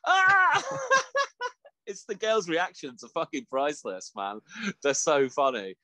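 Animated, laughing man. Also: a little high, a little slow, no echo. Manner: animated and swearing, laughs a lot, jumps into mock voices. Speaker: podcast co-host. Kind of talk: casual chat.

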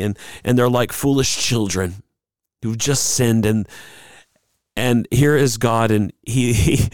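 A man preaching a sermon in an earnest, pausing way, sometimes acting out quoted lines. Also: mid-range voice, darkish tone, no echo, clean studio sound. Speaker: pastor.

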